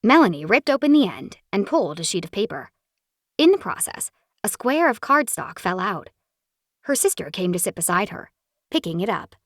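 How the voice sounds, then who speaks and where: Expressive woman audiobook narrator. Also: medium pitch, normal speed, no echo, studio quality. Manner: expressive, animated storytelling. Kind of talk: scripted romance narration.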